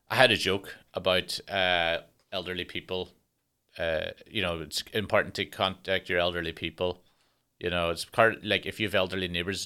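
A man's voice: on the low side, sharp tone. A man, a stand-up comedian hosting his own podcast in a rambling, sweary, jokey solo monologue.

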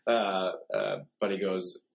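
Low-voiced laid-back man, faint hiss. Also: creaky. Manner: laid-back, halting storytelling with fillers. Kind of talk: casual chat.

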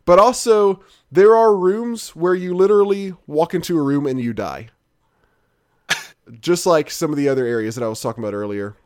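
A man's voice: fairly high pitch, moderate pace. A man hosting a casual chat, rambling and swearing freely with many restarts. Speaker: podcast host.

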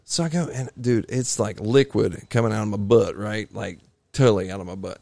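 A man telling a long story on a podcast in a casual, animated way, acting out other people's voices. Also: on the low side, fairly quick, vocal fry, dry recording. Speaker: podcast guest.

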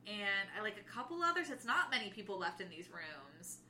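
A young woman co-hosting a casual book podcast, animated and laughing often as she retells scenes. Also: medium pitch, brisk, a little hiss or hum. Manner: animated, laughs often, acts out characters' lines. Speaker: podcast co-host.

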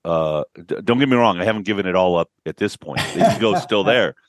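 A man's voice: low voice, expressive, fast talker, no room sound, studio quality. A man, a business coach, telling stories of clients on a podcast and acting out their quotes. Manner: storytelling, acts out quotes with a rising voice. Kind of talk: podcast interview.

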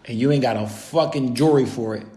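A man ranting in casual chat, loud and profane, jumping between jokes and complaints. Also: medium pitch, brisk, roomy sound, noisy background.

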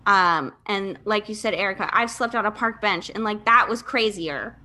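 Bright-voiced chatty American woman. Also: mid-range voice, normal speed. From Michigan, USA. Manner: candid, chatty, lots of fillers and self-deprecating laughs. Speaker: podcast guest. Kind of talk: casual conversational storytelling.

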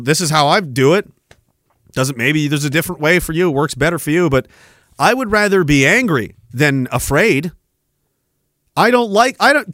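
On his podcast, a male host launches into an angry political rant, heated and profane, hammering his points with emphatic repetition. His voice is on the high side with a fairly bright tone, and the studio recording is clean with no room sound.

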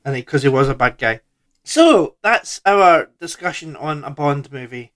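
A man's voice: a little high, animated, moderate pace, a bit bright. A man co-hosting a podcast, chatting casually about a film in a loose, laid-back way with trailing sentences. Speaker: podcast co-host.

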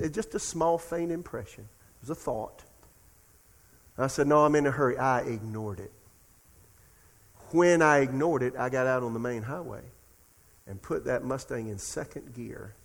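A middle-aged male pastor preaching a sermon and telling a story in a lively, talk-to-the-congregation manner. His voice sits at an ordinary middle pitch. It rings out with a long church reverb from the sanctuary. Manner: storytelling, animated and conversational.

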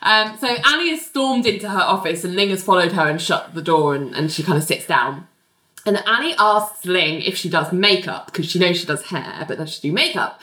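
A woman's voice: lowish voice, normal speed. A woman co-hosting a casual chat, recapping a TV episode and acting out the characters' lines. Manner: animated, acts out the characters' lines. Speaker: podcast co-host recapping a TV episode.

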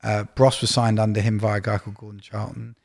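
A man's voice: fairly low pitch, little pitch movement, quick pace, gravelly. A man who is a record label executive, talking casually in a sit-down conversation and telling anecdotes full of quoted dialogue.

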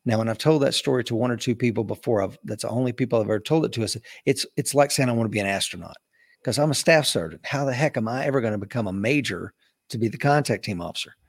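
A man's voice: mid-range voice, fast. A man telling his own stories in an interview, bringing the people he quotes to life as he goes. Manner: animated storyteller acting out quoted voices. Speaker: interview guest, retired Marine officer. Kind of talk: casual storytelling interview.

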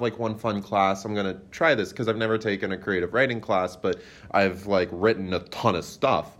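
A man's voice: lowish voice, steady tone, moderate pace, a bit bright. A young adult man, a playwright guest on a podcast, talking casually and rambling with lots of "like" and "um". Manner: rambling, many fillers, lots of "like". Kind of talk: casual interview chat.

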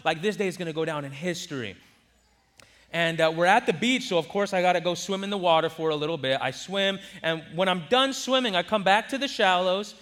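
A man in his twenties from Southern California, telling a personal story in a sermon with lively delivery and acted-out quotes. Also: high voice, fairly quick. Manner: animated, acts out quoted voices. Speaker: preacher.

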